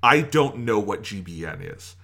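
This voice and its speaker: A man's voice: on the low side, sing-song, normal speed, creaky, sharp tone. A man co-hosting a podcast, ranting in exasperation about a show and firing off rhetorical questions. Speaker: podcast co-host. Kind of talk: casual review discussion.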